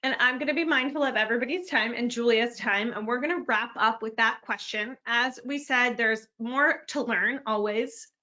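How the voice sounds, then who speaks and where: A woman's voice: on the high side, moderate pace, few pauses, sharp tone. A woman hosting a live webinar who reads out questions and wraps up the session in a friendly, upbeat way. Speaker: webinar host. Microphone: video call. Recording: dull video-call audio.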